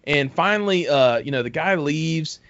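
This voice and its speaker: A man's voice: a little high, expressive, moderate pace, a bit bright, no room sound. A man telling a long story in casual podcast chat, rambling, swearing heavily and acting out what people said. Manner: rambling, heavy swearing, acts out quotes. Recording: dull dry close mic.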